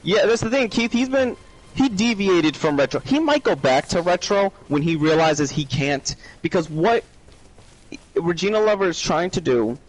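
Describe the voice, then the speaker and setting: A man from New York with a New York accent, chatting casually on a podcast as a live streamer, rambling with halting restarts. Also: high voice, sing-song, dry recording, poor audio.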